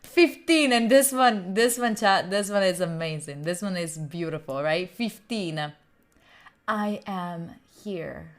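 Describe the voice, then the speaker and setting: An Italian woman runs a study live stream, bantering playfully with viewers in a slow, expressive, fairly low voice. She laughs a lot and swears often in this casual chat.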